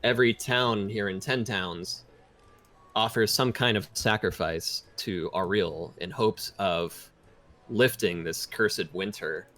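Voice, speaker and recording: A man as dungeon master, narrating and speaking for characters in a measured, expository way. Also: fairly low pitch, bright, forceful tone. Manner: expository, measured, with many fillers. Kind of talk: narrating a tabletop game in character.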